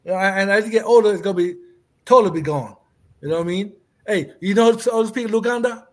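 A middle-aged man conducts a relaxed interview, his voice sitting a little high for a man. He is encouraging and laughs easily. He stumbles and repeats words as he goes. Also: quick pace. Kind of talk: casual interview.

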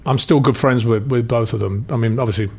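A man's voice: medium pitch, a little mellow, slightly rough. Man, middle-aged, rambling, chatty, slips into voices. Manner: rambling anecdotes with quick put-on voices. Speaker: actor guest. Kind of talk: casual chat.

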